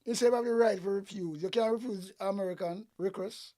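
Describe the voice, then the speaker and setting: A man's voice: high voice, a little fast, mellow. A man with a Jamaican accent, giving heated, profane political commentary in patois.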